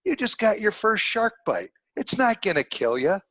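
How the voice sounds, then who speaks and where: A man's voice: sits high, very animated, normal speed, bright, forceful tone, no echo, highs cut off, voice pushed up, heavily acted. A man voicing a wise old New York businessman mentor, blunt and fatherly in his advice.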